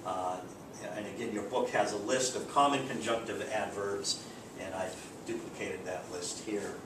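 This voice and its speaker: A man teaching a grammar lecture in a relaxed way, reading out example sentences. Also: moderate pace. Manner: relaxed, explains with spoken examples and fillers. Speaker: English teacher. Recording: echoey room, distant mic, background rumble.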